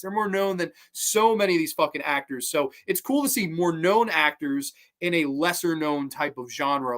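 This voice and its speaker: A man hosts a horror movie show and rambles through his opinions with plenty of swearing and enthusiasm. His voice is bright and forceful, pitched a little high for a man. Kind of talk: casual film review talk.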